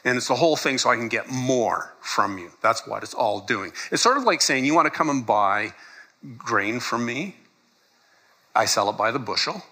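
Bright-voiced male pastor preaching. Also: medium pitch, animated, moderate pace, breathy edge. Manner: conversational, laughs often, acts out quotes. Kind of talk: sermon.

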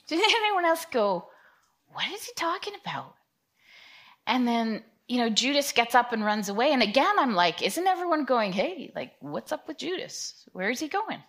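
Animated woman in her fifties preaching. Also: fairly high pitch. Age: 50s. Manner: animated, acts out scripture scenes in quoted voices. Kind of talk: casual conversational sermon.

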